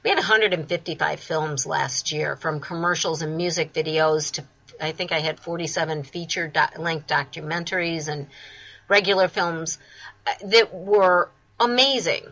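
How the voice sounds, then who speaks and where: Interview guest: American woman, festival founder, bright tone, enthusiastic. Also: low voice, moderate pace, poor audio. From United States.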